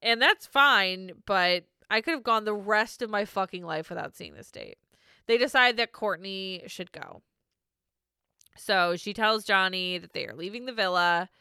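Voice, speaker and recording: A woman's voice: mid-range voice, lively intonation, unhurried, pushed and bright, smooth, no echo, clean studio sound. A woman co-hosting a casual podcast, recapping a reality show, laughing often and swearing freely.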